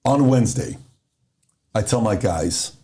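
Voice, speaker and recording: Middle-aged guy from iran, mellow tone, hosting a chat and spinning a story, acting out the quotes. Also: lowish voice, lively intonation, unhurried. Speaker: host. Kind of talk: casual chat.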